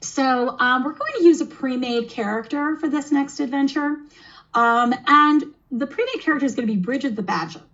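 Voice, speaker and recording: A woman's voice: sits high, normal speed, a bit bright, muffled recording. Encouraging woman running a kids' game. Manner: encouraging, teacherly, chatty. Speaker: game master and presenter. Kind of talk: explaining and running a kids' tabletop game demo.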